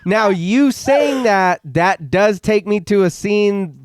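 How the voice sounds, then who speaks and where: A man's voice: high-pitched, slow pace, background noise. A man co-hosting a podcast, mostly giving short reactions and swearing casually. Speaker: podcast co-host.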